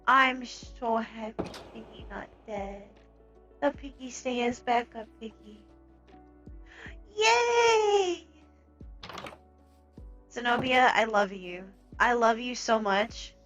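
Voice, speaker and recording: A young woman streaming a game, chatting casually and gasping and squealing with excitement. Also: a little high, slow, long pauses, dull audio, faint music behind. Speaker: streamer playing a multiplayer block game.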